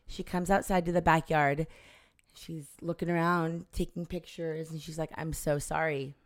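A woman in her forties tells a family story in relaxed conversation, slipping into the voices of the people she quotes. Her voice sits a little low for a woman. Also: moderate pace. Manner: animated storyteller acting out quoted dialogue. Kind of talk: casual storytelling chat.

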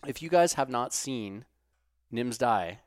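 A man hosting a podcast in casual, profane chat, swinging from muttered asides to loud outbursts. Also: medium pitch, animated, slow, no room sound, clean studio sound. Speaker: podcast host.

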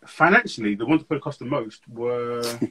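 A young man, chatting as an interview guest and telling animated, slangy stories. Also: mid-range voice, moderate pace, slight background noise, rough recording. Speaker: guest speaker. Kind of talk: casual interview chat.

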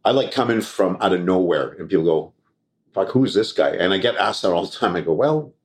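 A low-pitched man tells a story as a podcast guest, with plenty of swearing and laughter. He slips into quoted voices of the people in his tale, keeping it loose and conversational. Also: fairly quick. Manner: profane, laughing, animated anecdote with quoted voices. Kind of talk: casual storytelling.

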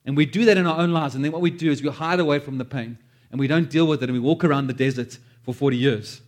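A man preaching a sermon, animated, acting out quoted prayers and joking at his own expense. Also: medium pitch, fast talker. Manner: animated, acts out quoted prayers, self-deprecating asides. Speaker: pastor.

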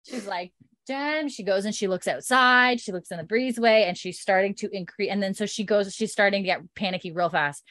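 A woman's voice: medium pitch, a little fast, hardly any pauses, a bit bright, dry recording. A woman in casual chat, animatedly retelling scenes from a show and acting out the characters' lines, with plenty of fillers. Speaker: podcast co-host recapping a TV episode.

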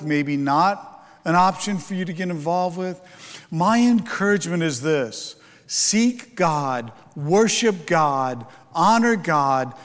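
A man's voice: high voice, in a large hall. A man preaching a sermon, explaining scripture in a teaching tone with fillers and rhetorical questions. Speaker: pastor.

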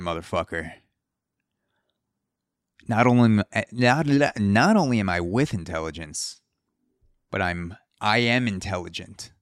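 A man's voice: sits low, a bit bright, no room sound, studio quality. A man hosting a casual solo podcast, rambling with profane, comic tangents. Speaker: podcast host.

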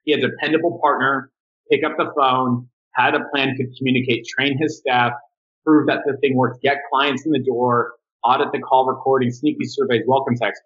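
A man's voice: medium pitch, normal speed, muffled recording. A man being interviewed on a podcast, talking casually about his marketing agency and acting out quotes as he tells stories. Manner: animated storyteller who acts out quotes. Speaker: guest, marketing agency owner.

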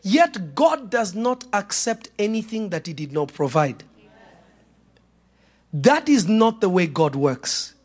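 A man preaching a sermon to a congregation, joking and laughing through his stories before rising to shouted points. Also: high-pitched, sing-song, slow. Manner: humorous, laughing at his own stories, then building to shouts.

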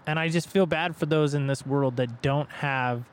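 A man's voice: on the high side, moderate pace, clean tone. Reflective male podcast host. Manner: reflective, draws a spiritual lesson, conversational.

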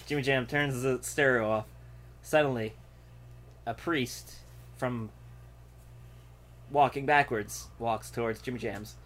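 A man's voice: mid-range voice, fairly even intonation, slow pace, long pauses, fairly bright tone. A man narrating an improvised comedy scene, often breaking into laughter.

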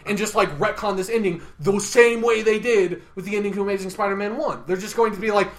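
A man's voice: high voice, quick pace, hardly any pauses, a bit bright. A man co-hosting a podcast, ranting heatedly about a film and swearing often. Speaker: podcast co-host. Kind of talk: casual review chat.

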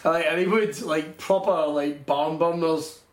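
A Scottish man in casual podcast chat, sweary and quick to laugh as he wanders through his stories. His voice sits a little high. The room is echoey, with a faint hiss behind him. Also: fairly even intonation. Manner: swears freely, laughs often, rambling anecdotes. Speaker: podcast co-host.

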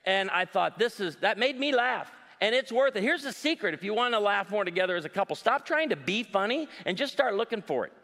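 A man's voice: high voice, fairly quick, creaky, few pauses. A man in his forties doing live stand-up comedy, telling stories animatedly and acting out voices. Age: 40s. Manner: animated storytelling with voiced quotes. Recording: long hall reverb.

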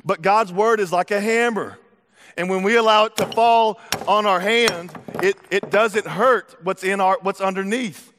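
A man preaching a sermon as pastor, lively and conversational, with repeated words and acted-out asides. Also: high-pitched, unhurried. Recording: long hall reverb.

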